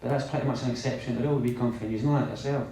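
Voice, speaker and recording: Fast-talking Scottish man in an echoey hall. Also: medium pitch, steady tone, warm tone, recorded from a distance, a little hiss or hum. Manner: earnest, direct, addresses the youths as "yous". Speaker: youth worker and filmmaker. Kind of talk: speech to an audience at a film premiere. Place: large hall at a college event.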